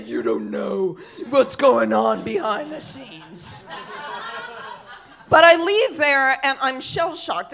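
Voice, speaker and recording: A middle-aged woman telling a comic story on stage, acting out the people in it. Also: high voice. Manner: animated, quotes others with big shifts. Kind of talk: live storytelling.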